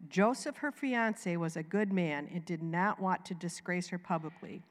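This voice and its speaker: A woman with a Southern US accent co-leading a sermon, reading scripture and preaching in an animated way. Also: on the low side, moderate pace, long reverb tail.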